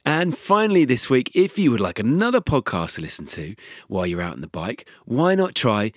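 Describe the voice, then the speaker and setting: A man's voice: mid-range voice, sing-song, brisk, dry recording, studio quality. A man hosting a podcast in casual chat, bantering with his co-host and reading out listener messages.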